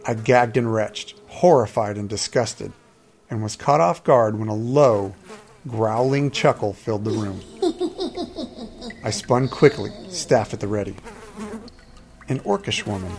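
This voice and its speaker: Man narrating a dark fantasy tale. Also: on the low side. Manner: steady, measured storytelling. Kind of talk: first-person fantasy story narration.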